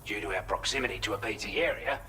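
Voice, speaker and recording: A man's voice: lowish voice, fast talker, sharp tone, a little hiss or hum, low-quality recording. An actor playing a friendly male shelter technician with an Australian accent, briefing a courier in video game dialogue. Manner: upbeat, matter-of-fact briefing.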